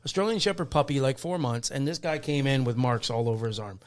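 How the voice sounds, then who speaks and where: A man's voice: medium pitch, fast talker. A man hosting a podcast, telling loose, rambling stories about dog training clients. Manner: rambling, loose storytelling with restarts. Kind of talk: casual chat.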